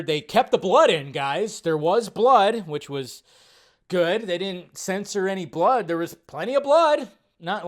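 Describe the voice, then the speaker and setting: A man giving a casual spoken review of a TV episode, animated and loose, cursing and acting out his own reactions. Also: a little high. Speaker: film review vlogger.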